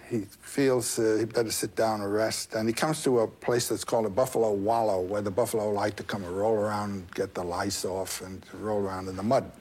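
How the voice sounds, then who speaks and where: A man retelling a folk tale in an interview, animated and digressive, with a scholarly turn. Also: lowish voice, breathy edge. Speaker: guest storyteller.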